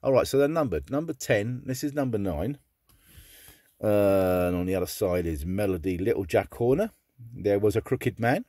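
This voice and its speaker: A man talks on camera in a chatty, eager way, his voice husky. His pitch swings up and down, giving his talk a lively lilt. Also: moderate pace, dry recording. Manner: chatty and enthusiastic. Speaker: record collector vlogger. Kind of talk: casual chat.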